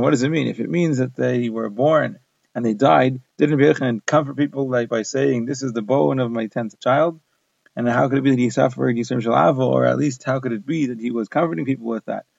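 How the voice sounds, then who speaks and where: A man giving a brisk summary lesson on a Talmud page, mixing Hebrew and Yiddish terms into his English. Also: mid-range voice, creaky, no echo. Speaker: Talmud teacher. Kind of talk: rapid daf summary lesson. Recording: dull, slightly lo-fi sound.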